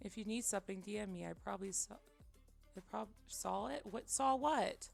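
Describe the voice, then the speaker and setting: Woman streamer, heavy vocal fry, rambling casual chat over faint music. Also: medium pitch, normal speed. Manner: rambling, self-deprecating, many fillers; drops to quiet mutters while concentrating. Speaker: livestreamer.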